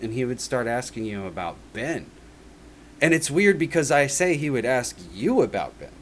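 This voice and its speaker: A man's voice: medium pitch, a little hiss or hum. A man giving a personal testimony in a casual spoken monologue, rambling and earnest, leaning on "like" and "right?" as he talks.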